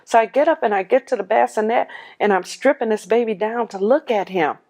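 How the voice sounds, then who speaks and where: A woman telling her own life story as a personal testimony, animated and laughing often, dropping her voice when she quotes others. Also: fairly high pitch, a little fast.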